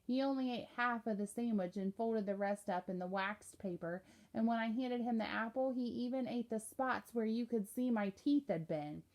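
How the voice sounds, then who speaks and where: A woman's voice: fairly high pitch, moderate pace, few pauses, darkish tone. Woman reading a story steadily. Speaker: audiobook narrator. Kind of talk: reading a novel aloud.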